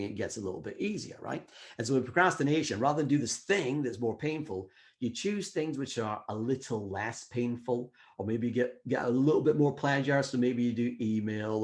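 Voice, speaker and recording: A middle-aged man giving a motivational talk at a summit. He speaks in an average-pitched male voice and keeps the energy high. He slips into quoted inner voices as he explains. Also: a little mellow.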